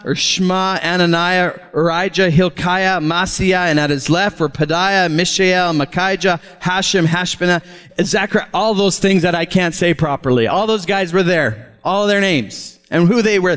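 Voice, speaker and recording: A man preaching a sermon as pastor, lively and chuckling often as he talks. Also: high-pitched, clean tone. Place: church. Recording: long hall reverb.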